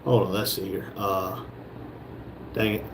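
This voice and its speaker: A man's voice: low voice, little pitch movement, a little slow, background noise. A man hosting a live stream from a shop, reading viewers' comments aloud and joking back at them. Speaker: livestream host reading chat. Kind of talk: casual live chat.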